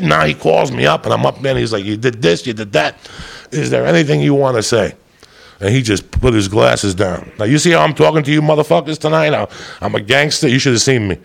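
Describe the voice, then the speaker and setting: Gravelly, profane stand-up comedian. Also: male voice, brisk. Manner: loud, profane, rambunctious, swings into high shouts. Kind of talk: stand-up storytelling to a live audience.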